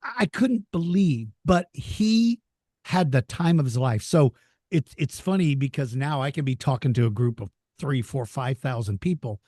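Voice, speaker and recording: A man telling lively stories as an interview guest, laughing easily and acting out excited children. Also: mid-range voice, moderate pace, no room sound, studio quality. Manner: animated storyteller, laughs easily, voices excited kids. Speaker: interview guest, dinosaur educator. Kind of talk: storytelling in a casual interview.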